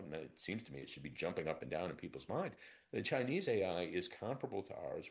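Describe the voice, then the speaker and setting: Man, very low voice, economist guest, sardonic, animated, lots of fillers. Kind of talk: conversational expert commentary.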